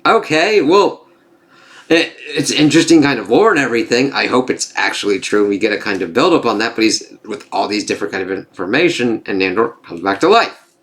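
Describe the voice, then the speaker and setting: A man casually recapping and reviewing a TV episode, excitable and profane, full of "kind of" and "like". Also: medium pitch, fairly quick.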